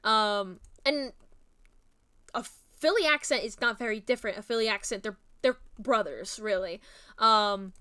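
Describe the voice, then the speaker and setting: A woman's voice: mid-range voice, unhurried, sharp tone, clear, resonant tone. A young woman with a New Jersey and Philadelphia-area accent, chatting casually on her stream in a rambling, self-mocking way and giggling often. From New Jersey, USA. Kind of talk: casual chat.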